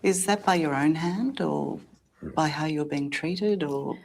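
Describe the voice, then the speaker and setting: A woman interviewer with a very low-pitched voice asks short, probing questions. Her delivery is direct and to the point. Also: measured pace, vocal fry, darkish tone.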